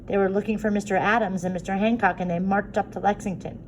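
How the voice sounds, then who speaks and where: A woman reading a story aloud, voicing an excited young male soldier in a raised, eager voice. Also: medium pitch, quick pace, a little hiss or hum, natural voice, low-quality recording.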